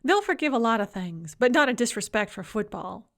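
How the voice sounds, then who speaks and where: A woman's voice: a little high, very animated, fairly quick, a bit bright. Woman reading as a grandmother, elderly, doting, shrewd, drawling, teasing, audiobook character. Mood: chatty.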